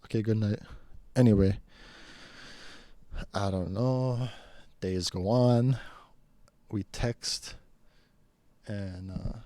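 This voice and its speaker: A man's voice: fairly low pitch, a little mellow. A man telling a rambling, casual personal story, quoting the people in it. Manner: rambling, chatty, quotes people in his story.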